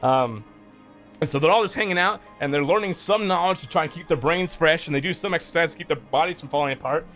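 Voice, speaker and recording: Male streamer, fairly high voice, swears a lot while rambling through a recap, soft music underneath. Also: quick pace. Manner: loose, profane and rambling, with many fillers. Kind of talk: casual recap of a game's story.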